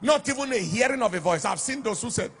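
A man preaching a sermon emphatically, shouting and lilting on key phrases. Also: very high-pitched, expressive, fast, a little hiss or hum. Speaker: pastor.

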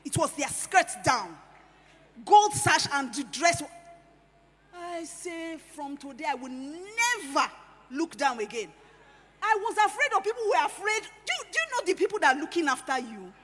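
High-voiced woman preaching in an echoey hall. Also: moderate pace. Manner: animated, swings between hushed and loud emphatic. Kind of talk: sermon. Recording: echoey hall with faint ambience.

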